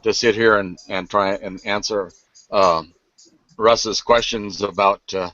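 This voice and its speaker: A man joining a live online hangout as a guest, halting with many fillers as he patiently explains. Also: lowish voice, fairly even intonation, a bit bright, no echo, muffled recording.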